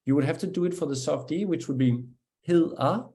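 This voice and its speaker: A man with a Danish accent, a native Danish speaker, teaching pronunciation one-on-one, patient and encouraging as he slowly demonstrates each sound. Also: fairly high pitch, mellow. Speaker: language teacher.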